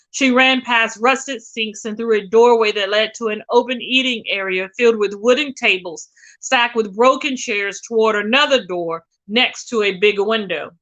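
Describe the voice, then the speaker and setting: A woman reading a novel aloud with expressive, dramatic storytelling. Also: a little high, dull audio. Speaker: reader.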